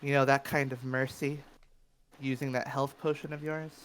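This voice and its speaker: A man voicing a tough woman fighter in a tabletop game, low-key, sighing and blunt. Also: level tone, normal speed, fairly bright tone, close to an everyday voice, low-quality recording. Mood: doubtful.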